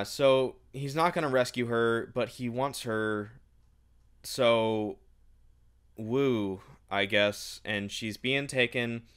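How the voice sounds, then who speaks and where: Sarcastic male book reviewer, low voice, exasperated, casual ranting. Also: a bit bright, clear, resonant tone.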